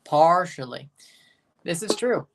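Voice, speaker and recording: A man's voice: fairly high pitch, expressive, slow pace, vocal fry, a little hiss or hum. A man hosting a live reaction stream of a match, chatting casually with his viewers. He reads their comments aloud and answers them in an easy, conversational tone.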